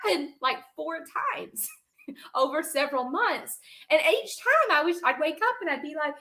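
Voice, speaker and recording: Bright, animated woman telling stories. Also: high-pitched, moderate pace. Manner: animated, laughs often mid-sentence. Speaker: podcast guest, reptile breeder. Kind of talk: casual storytelling chat.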